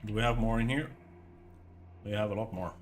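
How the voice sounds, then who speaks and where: A man's voice: fairly low pitch, fairly quick, slight background noise. Jokey man streaming a horror game. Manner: jokey, exclamatory asides. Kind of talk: casual gameplay commentary.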